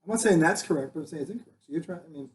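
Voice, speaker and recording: A man's voice: a little high, expressive, rapid-fire, a little hiss or hum. A man hosting a casual sports talk show, rambling and joking with frequent restarts. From Boston area.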